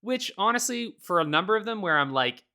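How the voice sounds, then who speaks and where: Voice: medium pitch, expressive, fairly quick, pushed and bright. A podcast co-host in casual chat, ranting animatedly and swearing a lot, often laughing.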